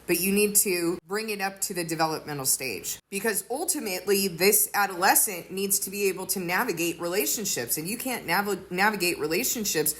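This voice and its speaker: A woman's voice: mid-range voice, a little fast, hardly any pauses, fairly bright tone. A woman giving an earnest sermon-style teaching, explaining with everyday examples. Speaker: teacher of a faith community.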